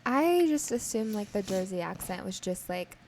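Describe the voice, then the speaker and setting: A woman co-hosting a casual podcast, playful and teasing, quick to laugh. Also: medium pitch, lively intonation, a little mellow, slight background noise, poor audio. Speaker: podcast co-host.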